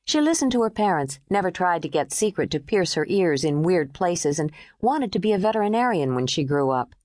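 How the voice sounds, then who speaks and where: A woman narrating a novel audiobook in a measured, expressive read. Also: lowish voice, dry recording, clean studio sound. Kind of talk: scripted narration.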